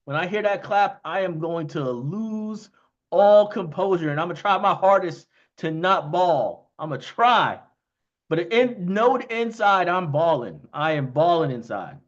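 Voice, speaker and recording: A man hosting a casual livestream, talking excitedly in quick bursts and often asking "you know what I mean". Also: sits high, lo-fi sound. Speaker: livestream host thanking investors.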